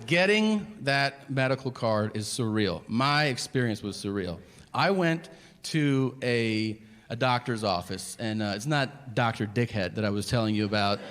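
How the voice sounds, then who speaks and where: A man's voice: mid-range voice, lively intonation, measured pace, noisy background. A male stand-up comedian telling a story on stage, profane and conversational, acting out the voices of the people in it. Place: large hall before a live audience. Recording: live stage recording in a reverberant hall. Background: audience laughter and ambience.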